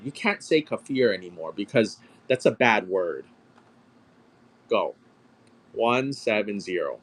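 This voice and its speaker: His voice sits on the low side, with a measured pace and long pauses. He's a live-stream auction seller in his thirties, chatting loosely, swearing his way through an animated story, and shouting out sale numbers as he goes.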